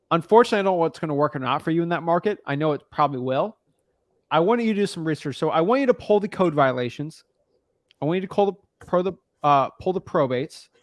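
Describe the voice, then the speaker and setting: A young man from the United States giving casual, slangy coaching advice on a call, thinking out loud as he looks things up. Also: on the high side, no room sound, clean studio sound. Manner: laid-back, slangy, talks through what he looks up. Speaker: real estate wholesaling coach.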